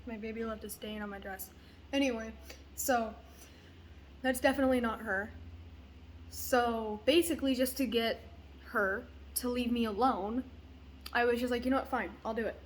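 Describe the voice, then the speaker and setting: A woman's voice: on the high side, moderate pace, long pauses, a little hiss or hum. A young woman and mother telling a story casually, rambling with fillers and swearing. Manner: rambling, profane, uses many fillers. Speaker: parent.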